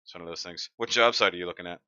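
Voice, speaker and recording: Chatty male streamer, lowish pitch, dull dry desk-mic sound. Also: racing, sharp tone, no echo. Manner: chatty, reads comments aloud, joking. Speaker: livestream host. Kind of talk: casual live-stream chat.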